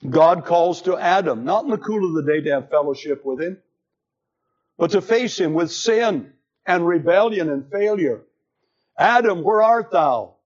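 Male preacher, slightly high voice, deliberate sermon delivery. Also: lively intonation, darkish tone. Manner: slow, emphatic delivery with dramatic pitch swings. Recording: dull lo-fi sermon recording.

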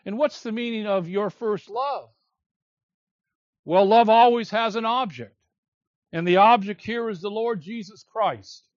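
A man preaching an expository sermon, stressing his points with deliberate, emphatic repetition. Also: high-pitched, no echo, highs cut off.

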